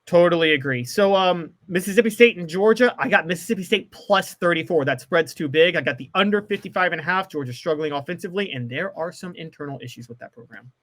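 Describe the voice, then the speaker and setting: A man's voice: sits high, quick pace, hardly any pauses, fairly bright tone. A man co-hosting a casual sports podcast and rattling off his betting picks in an upbeat, trained broadcaster's delivery. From American South. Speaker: co-host giving betting picks.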